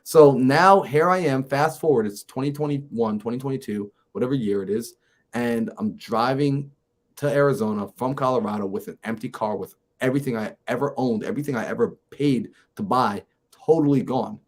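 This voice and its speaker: A man, a mindset coach and podcast guest, telling a personal story in a lively way and acting out the conversations in it. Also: medium pitch, normal speed. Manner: lively, acts out conversations in his stories.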